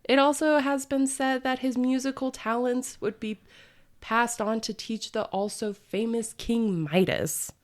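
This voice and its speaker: Her voice is a little high and steady, a touch slow. She co-hosts a podcast, casually recounting a myth with plenty of fillers and lots of laughing.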